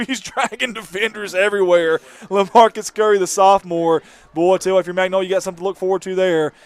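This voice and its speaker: A man calling a live high school football game, folksy and jokey, reading fan comments aloud and shouting on big plays. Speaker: play-by-play commentator. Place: press box at an outdoor stadium.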